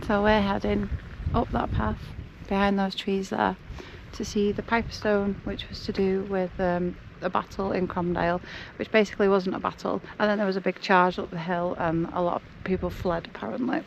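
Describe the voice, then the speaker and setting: A woman's voice: medium pitch, little pitch movement, normal speed, gravelly, hardly any pauses, dull audio, a little hiss or hum. A woman vlogging outdoors on a hillside walk, chatty and out of breath, often laughing. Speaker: travel vlogger. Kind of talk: casual walking vlog narration.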